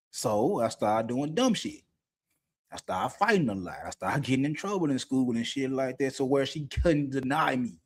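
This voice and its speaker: A middle-aged man talking candidly as a podcast co-host, blunt and profane, often laughing mid-sentence. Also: medium pitch. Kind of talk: candid unscripted talk.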